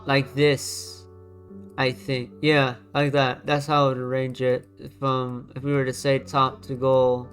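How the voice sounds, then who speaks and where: A man's voice: mid-range voice, monotone, a little slow, fairly bright tone, soft background music. A man giving casual commentary as he ranks designs. He talks bluntly and repeats himself, thinking aloud, and keeps his voice down so he won't overload his microphone. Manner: blunt, repetitive, thinks aloud while dragging items. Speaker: YouTuber ranking designs. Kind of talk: casual screen-recorded commentary. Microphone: desk microphone.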